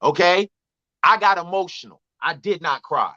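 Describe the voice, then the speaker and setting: A man telling a comic story on a radio talk show, animated and emphatic, repeating his denials. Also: high-pitched, moderate pace, dry recording, highs cut off. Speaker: comedian guest. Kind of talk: storytelling stand-up chat.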